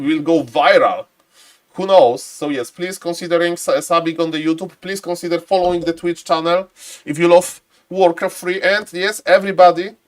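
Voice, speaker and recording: A man streaming and commentating a strategy game match live, chatty and excitable, breaking into sudden high shouts and greeting viewers by name.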